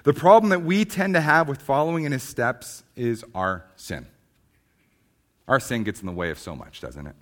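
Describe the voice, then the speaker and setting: A man preaching a sermon, swinging from emphatic, rising passages to quiet, slow stresses, often restarting on repeated words. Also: medium pitch, lively intonation. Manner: emphatic preaching, rising loud then dropping to hushed. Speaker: pastor.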